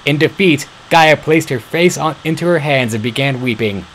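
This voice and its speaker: A man's voice: a little high, normal speed, a bit bright, a little hiss or hum, low-quality recording. A man reading a fan story aloud, stumbling and correcting himself now and then. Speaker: fan-fiction reader.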